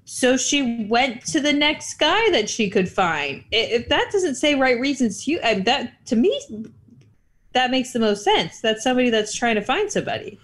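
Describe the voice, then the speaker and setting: A woman's voice: fairly high pitch, sing-song, moderate pace. A woman co-hosting a reality TV recap podcast, speaking in a wry, mock-formal way. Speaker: podcast co-host. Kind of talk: casual chat.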